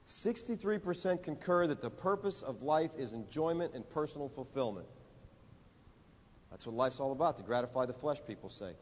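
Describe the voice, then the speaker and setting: A man preaching a sermon, telling a story and building to emphatic, rising lines with dramatic pauses. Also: medium pitch, lively intonation. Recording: dull audio in a reverberant hall.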